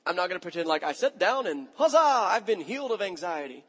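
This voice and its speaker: A man's voice: high-pitched, sing-song, fast talker, a bit bright, slightly rough. A man in his thirties preaching a sermon, telling a story about himself in a conversational, self-mocking way. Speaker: pastor. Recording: long hall reverb.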